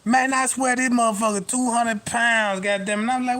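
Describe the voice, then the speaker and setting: A man's voice: very high-pitched, steady tone, moderate pace, sharp tone, a little hiss or hum. A man telling profane comic stories in a stand-up style, constantly asking "you know what I'm talking about". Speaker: comedian. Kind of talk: stand-up storytelling.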